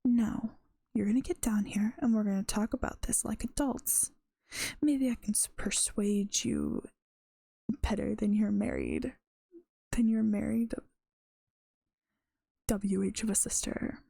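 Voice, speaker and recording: A woman reading as a smug guy on the phone, trying to sound smooth, gravelly and husky. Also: medium pitch, sing-song, a little slow, long pauses, mellow, dry recording, clean studio sound, full character voice. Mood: taunting. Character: smug male caller threatening over the phone.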